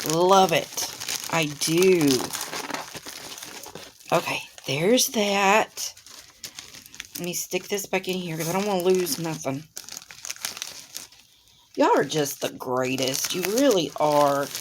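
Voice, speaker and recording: Fairly low-pitched and expressive, a woman speaks slowly with frequent pauses over background noise. She's a craft channel host unboxing items at her window-side desk at home, chatting to viewers with gushing exclamations.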